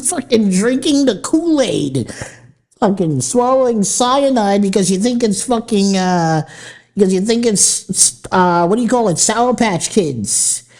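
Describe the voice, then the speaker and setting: A woman's voice: medium pitch, lively intonation, takes it slowly, darkish tone. A woman hosting a podcast, delivering a casual ranting monologue in a blunt, profane, mocking way, laughing often. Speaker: podcast host.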